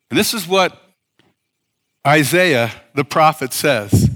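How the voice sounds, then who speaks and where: A male pastor delivering a sermon at a church service, his voice bright and a bit higher than most men's. He preaches emphatically, tosses questions out to the congregation for them to answer, and often stumbles and restarts his phrases. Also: expressive, takes it slowly. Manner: emphatic, with call-and-response and many restarts.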